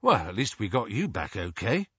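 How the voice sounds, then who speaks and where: A wry, teasing young man cracks jokes in a husky, lively voice, as a male narrator puts him on. The recording sounds slightly dull and dry. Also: fairly low pitch, normal speed, dry recording, exaggerated voice. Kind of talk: audiobook character voice.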